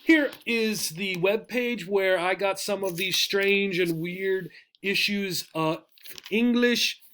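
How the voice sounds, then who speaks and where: A man teaching an English pronunciation lesson, patient and explanatory. He often repeats words slowly and checks in with "right?". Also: high voice, sharp tone.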